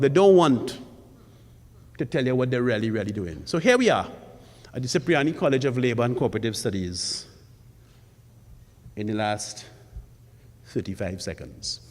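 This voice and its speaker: An emphatic man addresses a forum audience as a panelist, pressing his points with rhetorical questions and repetition. His mid-pitched voice carries a long reverb from the hall. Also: lively intonation, moderate pace, pauses often. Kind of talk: public forum speech.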